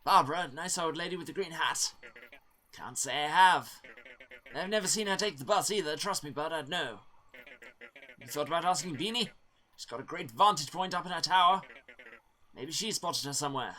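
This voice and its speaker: Chummy male bus-driver critter, voiced by a man, bright and lively, game side character. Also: fairly high pitch, normal speed, long pauses, pitched above the performer's own voice. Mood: friendly. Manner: chummy, calls people bud.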